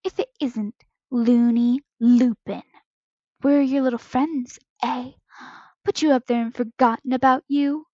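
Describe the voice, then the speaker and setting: A woman acting out a spiteful teenage wizard with a pinched, nasal sneer, pitched up and pushed louder as he taunts. The recording is a little muffled and lo-fi, with a dry, close sound. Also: animated, a little slow, no echo. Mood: taunting.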